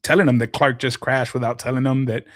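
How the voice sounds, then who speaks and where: A man's voice: medium pitch, fairly even intonation, fast, no echo, clean studio sound. A man, a podcast guest, talking in an earnest and heartfelt way in casual conversation. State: emotional, close to tears. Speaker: podcast guest, content creator.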